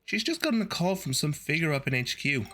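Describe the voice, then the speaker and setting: A man's voice: on the high side, big pitch swings, fast talker, sharp tone. A male streamer reading a video game's story text aloud and adding wry, sardonic asides.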